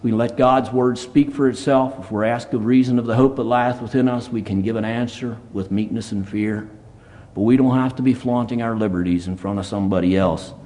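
A man preaches briskly in a mellow, mid-range voice with a steady tone. His church sermon is earnest and plainspoken, with scripture read aloud in King James wording.

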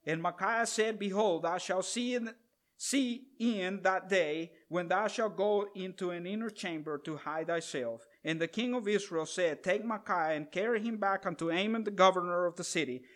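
A man's voice: high voice, fairly bright tone. A man preaching a sermon, reading a scripture passage aloud and breaking off for asides to the congregation, drawing out stressed words. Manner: reads scripture aloud then adds asides, drawn-out stresses.

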